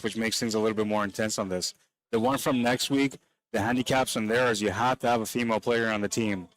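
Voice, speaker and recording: A man with a Canadian accent and a mid-range voice commentates a pool tournament on a live stream, chatting enthusiastically in a loose, conversational way. The recording quality is low.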